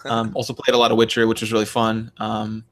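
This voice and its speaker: A man's voice: on the low side, monotone, quick pace, a bit bright. A young man from Mississippi, a podcast host, chatting casually and acting out the voices in his stories. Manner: rambling storyteller, acts out quotes. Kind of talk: casual chat.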